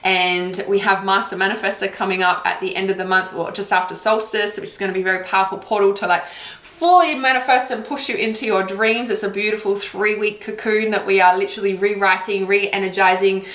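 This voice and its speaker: A woman's voice: mid-range voice, fairly even intonation, brisk, a bit bright. Woman giving an affirming card reading. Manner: affirming, laughs often. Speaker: intuitive card reader. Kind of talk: spiritual card reading monologue. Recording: roomy echo.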